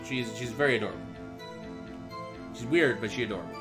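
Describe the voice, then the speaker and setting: A man's voice: mid-range voice, fast. A man casually commenting while playing a courtroom video game, making rambling jokes and asides over game music. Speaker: let's-play streamer.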